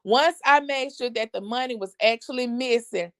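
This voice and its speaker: A middle-aged woman hosting a family live show, telling a story in an animated, expressive way. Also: a little high, normal speed, no room sound. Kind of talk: casual storytelling chat.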